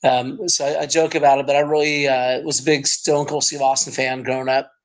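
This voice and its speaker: A man guesting on a podcast as a comedian, talking casually with halting, stammering restarts. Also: medium pitch, little pitch movement, poor audio.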